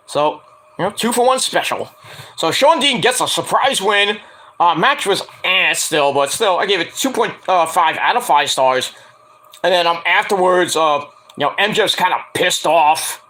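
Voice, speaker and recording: Here a man's high-pitched, sharp voice carries a loose wrestling recap. His talk wanders and is packed with "like" and "uh" fillers, and he performs quoted lines louder than the rest.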